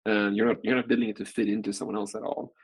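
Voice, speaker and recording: A man in his forties tells a long, rambling story as an interview guest, filling it with constant "like" fillers. His voice is low, husky and gravelly with fry. He talks at a quick clip. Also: level tone. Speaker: guest, venture capital partner.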